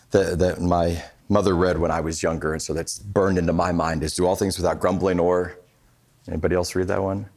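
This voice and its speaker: A middle-aged man preaching a sermon in a conversational, animated way, acting out little quotes. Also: deep voice.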